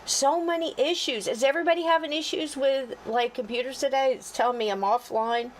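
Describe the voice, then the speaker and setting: A woman's voice: high-pitched, fairly quick, a little hiss or hum, rough recording. A woman co-hosting a podcast livestream, chatting casually with viewers and talking to herself as she fumbles with the tech. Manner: folksy and jokey, greets viewers warmly by name. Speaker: podcast co-host.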